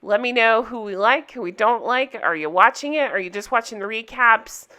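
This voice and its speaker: A woman's voice: on the high side, moderate pace, bright, forceful tone. A woman recapping a reality TV episode for her viewers in casual chat, candid and chatty, laughing often.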